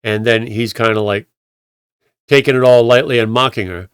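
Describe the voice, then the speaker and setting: A male pastor tells stories in a rambling, conversational sermon style, often restarting and acting out quotes. His medium-pitched voice is clear and resonant, with fairly even intonation and a moderate pace. The studio-quality recording has no room sound.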